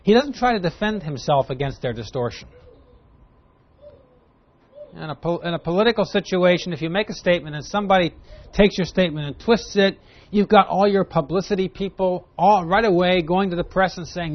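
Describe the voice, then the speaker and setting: A man teaching through a Bible passage to a class, lively and emphatic, reading verses aloud. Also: high voice, fairly quick. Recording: dull lo-fi recording.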